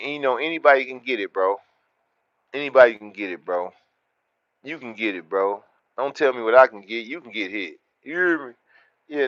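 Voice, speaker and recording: A man hosts a livestream, talking to his chat in loud, boastful street slang. His voice sits in a middle register. The sound is dry and a little dull. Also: mid-range voice, dry recording. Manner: loud, boastful street slang, repeats words in rapid runs. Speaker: livestream host. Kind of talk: casual livestream chat, reading the chat.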